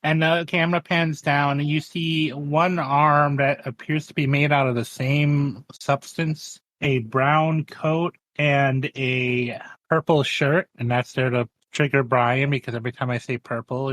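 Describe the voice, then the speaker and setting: A man's voice: medium pitch, little pitch movement, a bit bright, no echo. Man describing his character, rambling. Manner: rambling, halting, cinematic describing. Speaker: player. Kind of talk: casual tabletop game chat.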